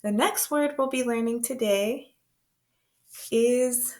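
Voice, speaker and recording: A woman teaching beginner words to parents, slow and patient, repeating each word in rhythm. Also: mid-range voice, fairly bright tone. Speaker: language teacher. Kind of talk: beginner language lesson.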